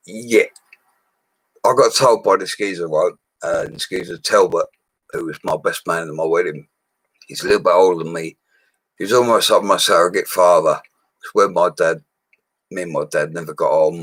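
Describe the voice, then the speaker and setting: A man's voice: low voice, fairly bright tone, slightly rough, dry recording, rough recording. A man of forty, chatting casually and rambling on a live stream, with plenty of slang. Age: 40s.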